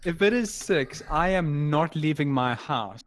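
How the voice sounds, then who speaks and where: A man co-hosting a casual gaming podcast, complaining with deadpan exaggeration. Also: a little high, a little slow. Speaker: podcast co-host. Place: in Africa.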